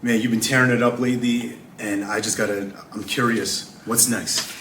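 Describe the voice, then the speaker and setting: Encouraging male host with a bright, sharp voice, roomy sound. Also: mid-range voice, steady tone, moderate pace, slight background noise. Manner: encouraging, laughs along. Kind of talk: interview questions.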